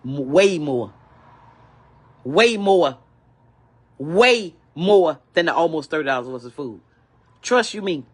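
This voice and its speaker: A woman's voice: low-pitched, expressive, takes it slowly, long pauses, slightly rough. Indignant older woman ranting. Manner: indignant, repetitive, preachy. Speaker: vlogger. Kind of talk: angry complaint rant.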